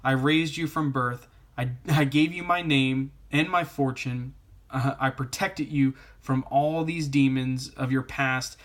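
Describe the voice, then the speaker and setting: A man's voice: mid-range voice, steady tone, unhurried, a bit bright, lightly acted. A man voicing a stern, protective older father in an insistent, lecturing way. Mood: indignant.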